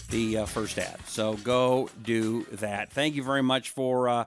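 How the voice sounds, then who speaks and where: A man's voice: medium pitch, measured pace, few pauses, soft background music. A middle-aged man hosting a casual live-stream talk show, rambling, joking and reading out viewer comments. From Washington State, USA.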